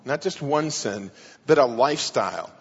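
A man's voice: medium pitch, lively intonation, moderate pace, slightly rough. A man preaching a sermon, teaching through Bible verses with emphatic stress. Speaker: pastor. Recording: muffled sound with long hall reverb.

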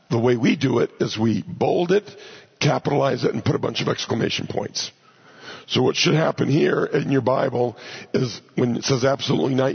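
A man teaching the Bible verse by verse in a conversational way, pausing to ask his listeners rhetorical questions. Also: medium pitch, vocal fry, breathy edge. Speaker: pastor. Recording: dull lo-fi recording.

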